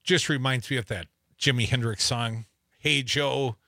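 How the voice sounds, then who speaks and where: A man's voice: medium pitch, moderate pace, pushed and bright, no room sound, clean studio sound. A man co-hosting a call-in talk radio show, opinionated and jokey as he takes callers.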